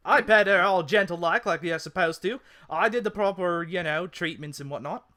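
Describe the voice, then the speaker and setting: A man voicing a rough cowboy stable hand in a mock Cockney-Australian twang, blustering and gruff. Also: high voice, very animated, normal speed, bright, forceful tone, slight background noise, exaggerated voice. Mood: indignant.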